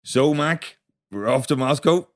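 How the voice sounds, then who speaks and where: A man, co-hosting a podcast in casual chat, quick to react and tease his partner. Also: mid-range voice. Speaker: podcast co-host.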